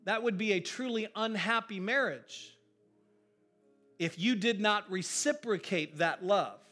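A male pastor preaching a sermon in an animated, emphatic, conversational way. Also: sits high, measured pace, faint music behind.

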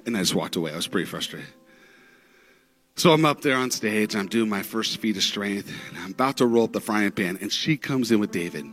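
A man preaching a sermon through stories, dramatic, with big swings in pitch and loudness. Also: expressive, fairly quick, faint music behind. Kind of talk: sermon storytelling.

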